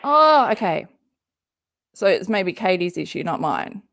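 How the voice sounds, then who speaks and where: A woman's voice: fairly low pitch, big pitch swings, a little slow, fairly bright tone. A woman chatting loosely while reacting live to a stream, rambling, swearing and cutting herself off. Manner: swearing, rambling, self-interrupting, laughing. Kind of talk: casual live reaction commentary.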